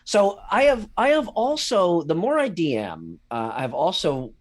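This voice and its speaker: A man's voice: high-pitched, sing-song, unhurried. A man co-hosting a podcast as a game master, hedging his answers and drifting into tangents in casual chat. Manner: hedging, tangent-prone, self-deprecating.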